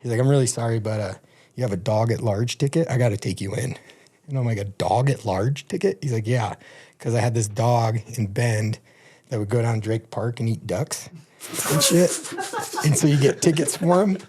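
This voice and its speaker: A man, a podcast guest in casual talk, telling a story with lots of swearing and acting out the other people's lines in a higher, louder voice. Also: normal speed, breathy edge. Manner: animated, profane, acts out quotes in a raised voice.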